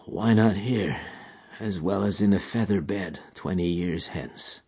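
A man voicing a gaunt, dying frontiersman, gentle and weary, speaking in a drawling rustic dialect. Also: sits low, unhurried, breathy edge, highs cut off, full character voice.

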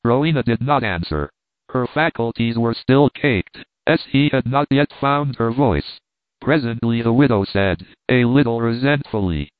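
A man's voice: mid-range voice, lively intonation, unhurried, no echo. Man narrating a story over a tinny line. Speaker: audiobook narrator. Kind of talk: scripted narration. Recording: dry tinny phone-like sound.

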